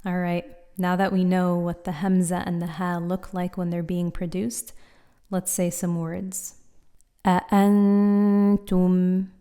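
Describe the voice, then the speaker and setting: A woman with a mellow, fairly low voice explains pronunciation in a clear, patient teaching manner. She demonstrates sounds aloud as she goes. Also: completely flat delivery, unhurried. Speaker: Quran recitation teacher. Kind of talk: instructional explainer.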